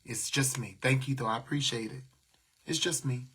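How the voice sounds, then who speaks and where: Man, livestream host, irritated and blunt, sharp husky voice. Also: mid-range voice, steady tone, normal speed. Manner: irritated, blunt, talks back to viewer comments. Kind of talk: venting on a livestream.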